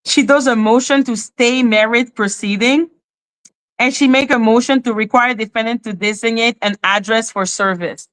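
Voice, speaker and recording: A woman's voice: fairly high pitch, fairly even intonation, normal speed, a bit bright. Exasperated woman ranting with rhetorical questions. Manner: says she speaks with a non-native accent. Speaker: commentary channel host. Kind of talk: ranting commentary on a court case.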